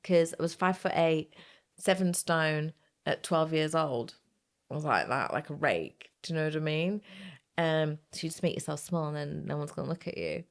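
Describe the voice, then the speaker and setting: A middle-aged woman, a guest in an interview, telling her story in an expressive, animated way with frank language. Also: low-pitched, normal speed. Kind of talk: casual interview conversation.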